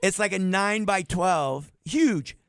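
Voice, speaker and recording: A middle-aged man, a guest musician, telling tour stories on a radio show in an animated way, swearing and acting out other people's lines. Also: high voice, unhurried, dry recording, clean studio sound. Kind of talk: casual storytelling on a radio show. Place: radio studio.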